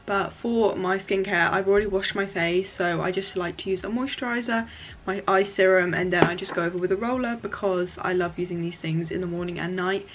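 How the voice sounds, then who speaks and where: A woman's voice: fairly low pitch, brisk, background noise. A young woman, chatting casually to camera in a vlog and using plenty of fillers. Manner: chatty, filler-heavy, lots of "literally" and "like". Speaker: vlogger.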